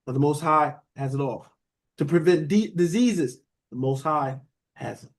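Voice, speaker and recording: A man's voice: on the high side, a little slow. Man, slightly raised voice, preaching sermon, chatty, asks questions and waits for answers. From United States. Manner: conversational preaching, asks the room questions and says "beloved". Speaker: teacher preaching a Bible study.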